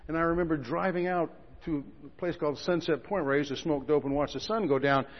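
A man preaching a sermon, telling stories with quiet asides that build to loud outbursts. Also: fairly high pitch, quick pace. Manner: storytelling, swings from quiet asides to shouting. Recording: dull lo-fi recording with a long hall reverb.

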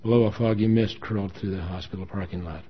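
A man's voice: fairly low pitch, steady tone, quick pace, slightly rough. A man reading a dramatic first-person story with earnest emotion. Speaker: story reader. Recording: dull lo-fi recording.

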